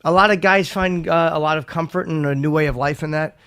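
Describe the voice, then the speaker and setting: A man's voice: on the high side, fast talker, a bit bright, clear, resonant tone, no echo, clean studio sound. A man hosting a talk show, chatting in an upbeat, friendly way. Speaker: radio show host. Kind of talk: casual radio talk.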